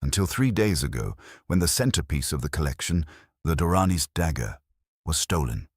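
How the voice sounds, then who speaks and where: A man voicing a frightened, elegant woman of about thirty who speaks in a low, anxious voice while keeping her composure under strain. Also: sing-song, normal speed, husky, no room sound, studio quality, full character voice.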